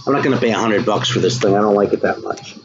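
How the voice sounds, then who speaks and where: An American man hosts a live stream showing metal records, chatting loosely and answering viewer comments while swearing freely and calling people "dude" and "man." His voice is on the low side and creaky, and he talks quickly. The recording sounds muffled.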